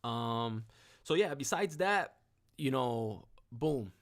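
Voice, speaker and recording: Slangy, energetic man telling a story. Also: slow pace. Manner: slangy, energetic, peppered with "boom" and "mad cool". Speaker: host of a live stream. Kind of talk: casual storytelling.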